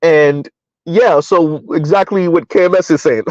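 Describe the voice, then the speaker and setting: A middle-aged man hosts a casual live-stream commentary, rambling along with frequent fillers and short laughs. His voice sits a bit high for a man. The recording is dull and lo-fi, with a dry, close sound. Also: unhurried, no echo. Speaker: commentary channel host.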